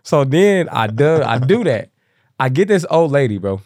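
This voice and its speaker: A young man from Kansas City, a guest telling profane, animated stories and acting out the people in them. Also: medium pitch, moderate pace, no echo, studio quality. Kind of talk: casual storytelling.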